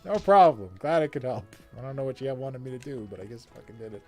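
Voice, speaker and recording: A man's voice: medium pitch, lively intonation, fast talker, darkish tone, soft background music. A man casually commenting on his gameplay, joking and swearing freely. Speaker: let's play gamer.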